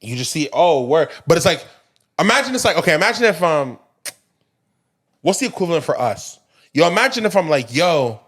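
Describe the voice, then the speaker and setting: Toronto-accented man, quick and lively podcast co-host, a touch high-pitched. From Toronto, Canada. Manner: fast, animated storytelling with acted-out quotes. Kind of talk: casual chat.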